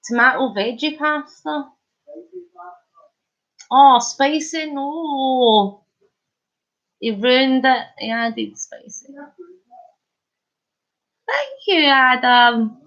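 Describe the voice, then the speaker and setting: On a slightly muffled, lo-fi home live stream, a woman vlogger chats casually and answers comments, giggly, hyper and wide awake, laughing often. Her high-pitched, fairly bright voice keeps a fairly even intonation and moves very slowly with long pauses.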